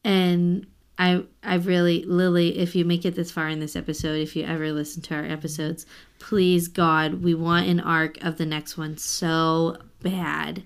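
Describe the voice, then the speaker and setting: A woman's voice: fairly low pitch, flat delivery, a little slow, smooth. A young woman co-hosting a casual book podcast, gushing over a novel, reading excerpts aloud and laughing often. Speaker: podcast co-host.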